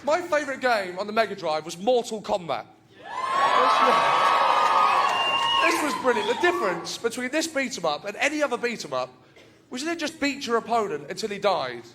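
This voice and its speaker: A man doing animated stand-up storytelling on a stage mic. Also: high-pitched, fast, very noisy. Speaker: stand-up comedian. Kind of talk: stand-up comedy set. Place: comedy stage. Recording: live show with loud laughing crowd.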